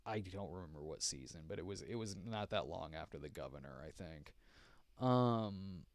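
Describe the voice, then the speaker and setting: A man's voice: low voice, lively intonation, moderate pace, dry recording. A middle-aged man hosting a podcast, chatting casually through viewer questions, rambling and restarting his sentences. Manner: rambling, frequent restarts and fillers, chuckling. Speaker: podcast host. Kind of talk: casual live stream chat answering viewer questions.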